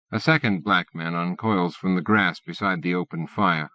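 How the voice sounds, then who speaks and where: A man's voice: low-pitched, moderate pace, few pauses. Man narrating an audiobook, lo-fi. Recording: dull lo-fi cassette audiobook.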